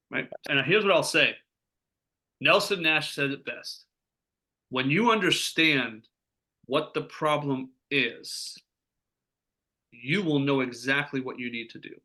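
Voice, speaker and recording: Bright, fired-up male financial advisor. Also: high voice, animated, moderate pace, long pauses. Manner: fired up, rhetorical questions, acts out client quotes. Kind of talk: energetic sales pitch talk.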